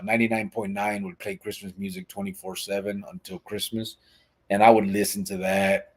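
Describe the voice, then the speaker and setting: Husky low-voiced man, laid-back. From Arizona, US. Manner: laid-back, rambling, many "you know" fillers. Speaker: podcast host. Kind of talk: casual live podcast chat.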